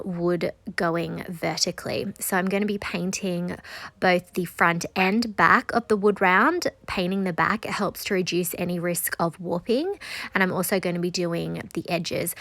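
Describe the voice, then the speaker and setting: A woman hosting a crafting channel, calmly explaining each step in a voice-over, sounding nasal from sinus trouble. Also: mid-range voice, no room sound.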